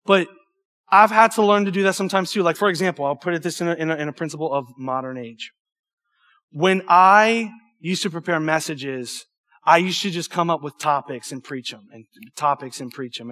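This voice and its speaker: High-pitched young man preaching animatedly to a youth group, prone to stumbles and asides. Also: a little fast, bright, forceful tone. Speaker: youth pastor. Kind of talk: sermon.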